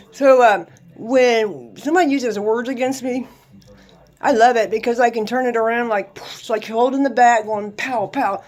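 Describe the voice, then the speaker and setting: A woman in her sixties with a slightly high voice, chatting casually to camera about faith. She jokes, laughs often and punctuates her points with little sound effects. She is blunt and swears now and then. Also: darkish tone. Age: 60s. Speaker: vlogger. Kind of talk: casual faith-talk monologue.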